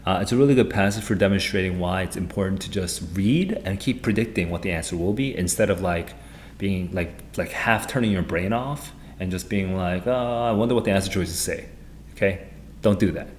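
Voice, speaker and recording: This SAT tutor streams live, excitedly talking through test questions at his computer in a loose, rambling way. His deep voice moves a little fast, with slight background noise.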